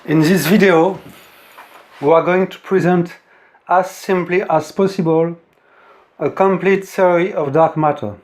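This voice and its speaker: A man's voice: sits high, steady tone, darkish tone. A man with a French accent, not a native English speaker, giving a careful, formal science lecture. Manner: careful, deliberate, formal phrasing. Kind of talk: slow formal lecture reading.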